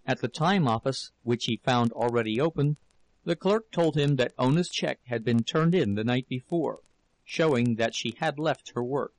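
A man reading a novel aloud as narrator, in a steady, measured storytelling manner with a gravelly voice. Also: medium pitch, no room sound, poor audio. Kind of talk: audiobook reading.

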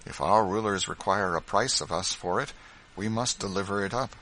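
A man voicing a grave and kindly Quaker father in a storybook reading, steady and firm in his speech. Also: lowish voice, moderate pace, low-quality recording.

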